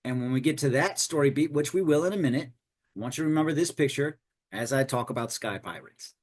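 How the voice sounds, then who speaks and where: A man teaching storytelling for tabletop games in a loose, animated, digressive way. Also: mid-range voice, fast. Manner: animated, digressive, conversational explaining. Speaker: game master teaching storytelling. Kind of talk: informal lesson.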